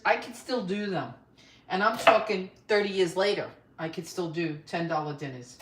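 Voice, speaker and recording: A woman's voice: medium pitch, distant mic, heavy background noise. Woman in her sixties, live cooking host, friendly rambling chat, roomy kitchen sound. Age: 60s. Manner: chatty, upbeat, talks to viewers by name. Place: home kitchen. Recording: echoey kitchen.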